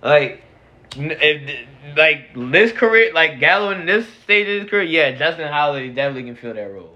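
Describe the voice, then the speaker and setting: Excitable high-voiced man, lo-fi sound. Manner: excitable, slangy, quick laughs. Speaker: podcast co-host. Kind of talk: casual sports chat. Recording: dull lo-fi sound.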